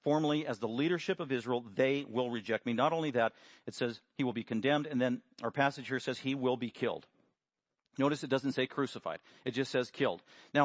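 A man preaching a sermon, animated, acting out quotes with sudden loud emphasis. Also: mid-range voice, a little fast, dry recording. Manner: acts out quotes with raised voice.

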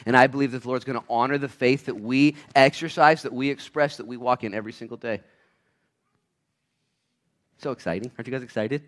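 A man pastor giving a sermon in church, swinging between quiet asides and loud, fired-up preaching. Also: mid-range voice, fairly even intonation, a little fast, long pauses. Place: church sanctuary.

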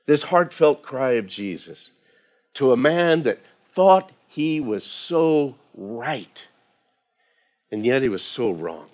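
A man's voice: mid-range voice, a little mellow. Guy pastor giving a sermon, casual talky delivery, voices the bible quotes. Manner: conversational preaching, acting out quoted voices with restarts.

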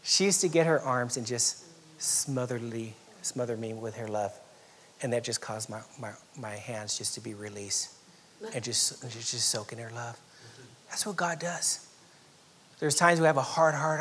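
Pastor, male, from Southern California; dynamic preaching with loud and near-whispered passages. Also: mid-range voice, normal speed, slightly rough. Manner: dynamic preaching, swinging from loud emphatic lines to soft near-whispers, with chuckles. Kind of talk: sermon.

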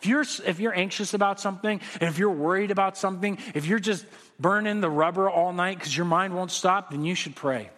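Male pastor, conversational sermon, high voice, reverberant sanctuary. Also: a little fast, fairly bright tone. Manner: conversational, acts out his kids' voices. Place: church sanctuary. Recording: long reverb of a church hall.

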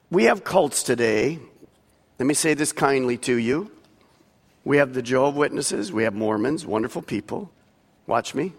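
A man preaching a sermon as pastor, with emphatic delivery that swells and drops. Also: medium pitch. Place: large church hall. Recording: long hall reverb.

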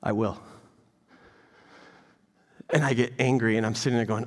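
A man preaching a sermon as pastor, animated, moving between loud emphatic bursts and quiet, intimate storytelling. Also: mid-range voice, fairly quick, pauses often. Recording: long hall reverb.

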